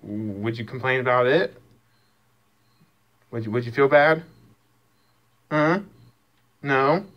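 A man's voice: mid-range voice, slow, pauses often, lo-fi sound. Man, casual pet talk, scolding, stammering restarts. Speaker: cat owner talking to his cats.

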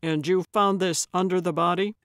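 A woman's voice: fairly low pitch, fairly even intonation, normal speed, no echo, clean studio sound, natural voice. A woman narrator voicing a stern, weary male sheriff's deputy who speaks curtly and firmly. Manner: curt and firm.

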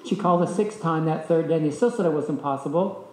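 Older male teacher, slightly high voice, lively storyteller, echoey room with faint noise. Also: quick pace. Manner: lively anecdotal storytelling, voices the people in his stories. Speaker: discipleship school teacher. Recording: echoey hall.

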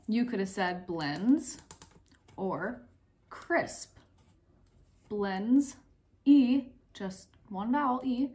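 A young woman teacher giving a recorded phonics lesson to young pupils, speaking clearly, asking questions and pausing for answers. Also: medium pitch. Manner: slow, clear, encouraging teacher talk, asks questions and pauses.

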